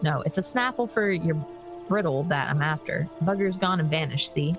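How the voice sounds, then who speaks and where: A gruff rustic stable hand from a game, as a woman reads the part aloud. The voice sits a little low and grumbles, full of dialect and exclamations. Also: moderate pace, music in the background. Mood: grumbling. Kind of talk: reading game dialogue aloud.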